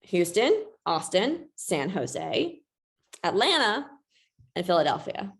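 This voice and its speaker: A woman presents a webinar in a casual, chatty way, with frequent self-deprecating asides. Her voice sits low and has a gravelly fry running through it. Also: big pitch swings, slow pace.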